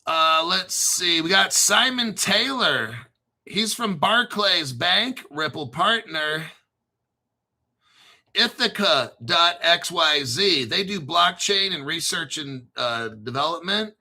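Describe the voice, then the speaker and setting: A high-pitched man with a very bright, piercing tone hosts a crypto show in a loose, rambling monologue. He sounds excitable and swears freely, stopping now and then to spell out names letter by letter. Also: takes it slowly.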